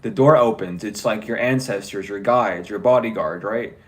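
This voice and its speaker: A man's voice: fairly low pitch, normal speed. A man giving a casual tarot reading, talking bluntly and joking with frequent swearing. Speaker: tarot reader.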